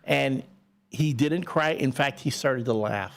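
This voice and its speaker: A man's voice: mid-range voice, a little slow, gravelly. A man hosting a radio show, telling stories in casual banter and acting out the voices. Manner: animated storyteller, acts out voices. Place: radio studio.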